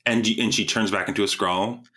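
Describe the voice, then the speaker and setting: A man's voice: lowish voice, fairly even intonation, fairly quick, bright, forceful tone. A man co-hosting a podcast, chatting casually, rambling and tripping over his words, laughing often. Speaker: podcast co-host. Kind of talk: casual chat.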